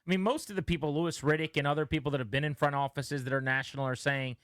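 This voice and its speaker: A man's voice: a little high, fairly even intonation, fast, a bit bright, no echo, clean studio sound. A man co-hosting a sports talk radio show, pressing his partner with rhetorical questions and pushing back.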